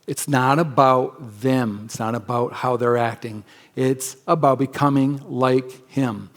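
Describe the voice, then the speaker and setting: A man preaching a sermon as pastor in a church, conversational and emphatic, acting out quick asides in other voices. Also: mid-range voice, fairly even intonation. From United States. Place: church sanctuary.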